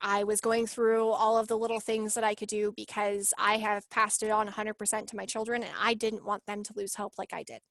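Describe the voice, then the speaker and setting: A woman in her late twenties on a video call, telling her story in an emotional, animated way and acting out what people said. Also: medium pitch, brisk, hardly any pauses, dry recording. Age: 20s. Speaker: workshop guest sharing her story. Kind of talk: casual video-call chat.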